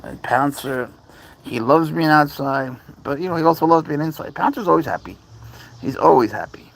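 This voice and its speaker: A man's voice: a little high, moderate pace, vocal fry, a bit bright, low-quality recording. A man hosting a casual livestream, rambling as he talks to his cats and answers viewers' chat. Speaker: livestream host.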